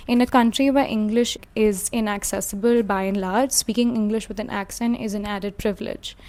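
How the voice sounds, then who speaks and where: An Indian woman reads a scripted video essay in a reflective, lightly casual way, sprinkling in plenty of hedging fillers. Her voice sits at a medium pitch with a somewhat dark tone.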